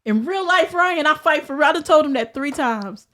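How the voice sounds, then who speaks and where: A woman with a Southern American accent, a podcast guest telling stories in casual chat, animated and profane. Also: high voice, normal speed.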